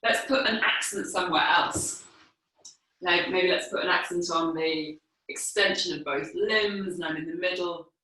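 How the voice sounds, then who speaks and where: Woman movement teacher, calm floor cues, slightly winded; roomy, distant sound. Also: lowish voice. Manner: calm, unhurried cueing while moving on the floor. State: a little out of breath from exercising. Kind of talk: guided movement class instruction. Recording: echoey room, mic far off.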